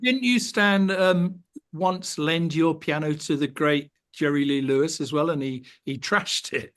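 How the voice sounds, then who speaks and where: A man's voice: fairly high pitch, a little slow, a bit bright. A man co-hosting a podcast, jumping in with eager, stumbling questions. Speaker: podcast co-host. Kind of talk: podcast interview.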